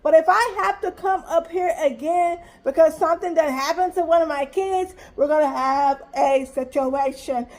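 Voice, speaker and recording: High-voiced woman, emphatic storyteller. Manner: animated, emphatic, exasperated storytelling. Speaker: mother telling a story. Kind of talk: storytime vlog.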